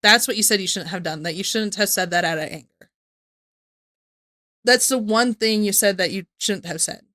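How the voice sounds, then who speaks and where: A young woman comments on a video she is watching, in a loose, rambling way that keeps circling back in exasperation. Her voice is bright and forceful. The sound is dry and close to the mic. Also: medium pitch, moderate pace, dry recording. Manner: rambling, exasperated, repeats herself. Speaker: reaction streamer.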